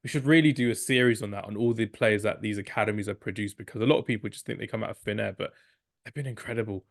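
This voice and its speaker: A man's voice: on the low side, creaky. A man co-hosting a football podcast, chatting casually and cracking jokes. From England. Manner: jokey, chatty, rapid asides. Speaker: podcast co-host.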